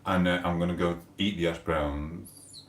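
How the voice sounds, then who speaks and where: A man's voice: sits low, fairly even intonation, measured pace, reverberant, far from the mic, a little hiss or hum. A man with a British accent casually chatting to his live stream viewers, rambling and mumbling fillers. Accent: British English. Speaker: livestreamer.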